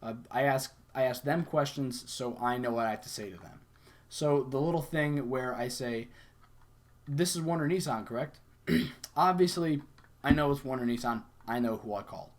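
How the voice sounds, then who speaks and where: A man's voice: medium pitch, normal speed. Young adult man, conversational sales coach, acts out sample lines mid-explanation. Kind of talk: casual instructional talk.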